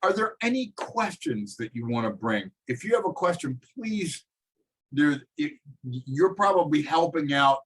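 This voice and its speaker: A middle-aged man teaching a college class over a video call, talking in halting bursts with many fillers and restarts. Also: a little high, sing-song, a bit bright, slightly rough, rough recording. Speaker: college instructor. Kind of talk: online class lecture.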